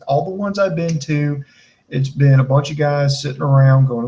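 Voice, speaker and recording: Ranting, sarcastic man, higher voice. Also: steady tone, normal speed, dark tone, a little hiss or hum, poor audio. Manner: ranting, sarcastic, mimics people in quotes. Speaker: podcast co-host. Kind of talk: casual profane chat.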